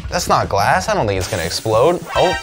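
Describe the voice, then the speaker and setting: Man with quick surprised quips. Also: medium pitch, big pitch swings. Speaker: co-host reacting to videos. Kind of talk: casual reaction chat. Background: faint music from clips.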